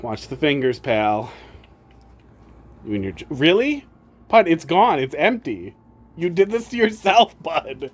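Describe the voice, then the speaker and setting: A man's voice: fairly high pitch, very animated, unhurried, pauses often. A man streamer chatting casually, teasing his pets and laughing often. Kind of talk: casual chat.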